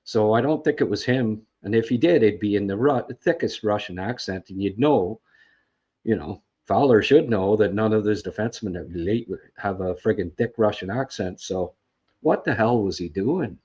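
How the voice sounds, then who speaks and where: A man with a fairly low voice hosts a casual recap on a livestream. He rambles, sounds frustrated, and keeps restarting his sentences around fillers. The sound is dull and lo-fi. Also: normal speed, mellow, husky. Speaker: podcast host.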